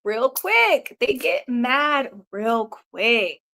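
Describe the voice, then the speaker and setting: A woman's voice: a little high, very animated, very slow, gravelly, bright, forceful tone. A woman hosting a casual livestream, rambling loosely with lots of swearing, laughter and "you know" fillers. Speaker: livestream host. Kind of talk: casual live-stream chat.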